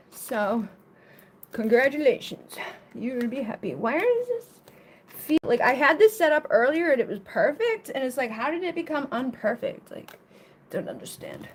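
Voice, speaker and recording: A woman chats loosely on a live tarot stream, sitting a little higher than most women's voices. She wanders from thought to thought, swears freely and breaks into laughter and goofy word riffs. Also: a little hiss or hum. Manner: rambling, profane and laughing; playful silly vocal riffs. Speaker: tarot reader. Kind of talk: casual live-stream chat.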